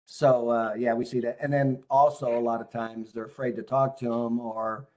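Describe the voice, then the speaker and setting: A man's voice: medium pitch, little pitch movement, moderate pace, a little mellow. A man hosting a casual interview, a chiropractic consultant who asks leading questions in a coaching tone.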